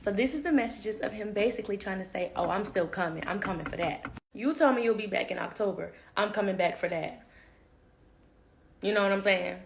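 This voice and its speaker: A young woman telling a personal story in casual vlog style, animated and acting out what people said. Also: mid-range voice, a little fast, gravelly, dull audio, slight background noise. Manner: animated, acts out quotes, laughs. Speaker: vlogger.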